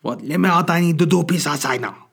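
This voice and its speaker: A man's voice: medium pitch, steady tone, unhurried, a bit bright, husky. A man voicing a bossy, cheeky small male dog with a put-on foreign accent, blunt and demanding.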